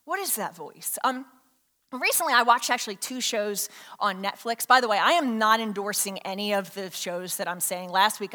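A woman's voice: medium pitch, bright, forceful tone. A woman pastor preaching a sermon in a conversational way, with many fillers and restarts. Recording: long hall reverb.

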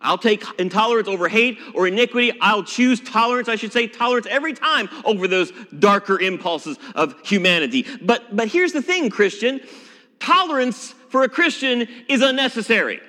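A man preaching a sermon as pastor, emphatic and expressive, dropping at times to a hushed voice. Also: high voice, a little fast, in a large hall. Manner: expressive, emphatic preaching with dramatic drops to a hush.

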